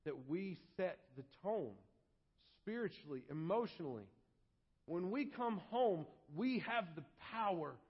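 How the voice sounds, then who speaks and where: A male pastor preaching a sermon, animated and acting out quoted voices. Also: high voice, breathy edge, long reverb tail. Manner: animated, acts out quoted voices and shouts for effect. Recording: dull lo-fi sermon audio.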